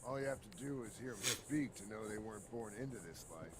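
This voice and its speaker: A man's voice: on the low side, animated, fairly quick, heavy background noise, natural voice. An actor playing a sly, hard-bitten male raider lieutenant in a video game, with a dry, knowing drawl.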